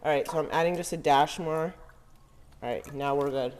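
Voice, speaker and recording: A woman's voice: low-pitched, moderate pace, a little mellow. Woman vlogger, playful mock-earnest kitchen host, faint background hiss. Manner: earnest, teasing, over-serious. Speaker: vlogger pranking her husband. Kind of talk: mock cooking tutorial to camera. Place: home kitchen.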